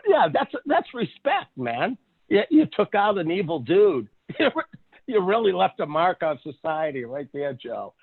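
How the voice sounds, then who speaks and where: Animated guy telling stories and cracking himself up, bouncy voice, sounds like he's on the phone. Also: on the high side, moderate pace, vocal fry, breathy edge, phone-quality sound. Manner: animated storyteller, laughs often, acts out voices. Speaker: co-host. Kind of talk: casual chat.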